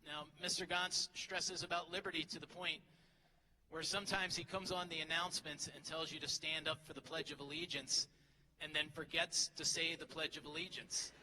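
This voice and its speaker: Teasing male teacher with a bright edge. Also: fairly high pitch, flat delivery, normal speed. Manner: teasing, self-deprecating jokes. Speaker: teacher giving a graduation speech. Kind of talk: humorous commencement speech. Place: large hall at a graduation ceremony. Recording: hall reverb, faint crowd ambience.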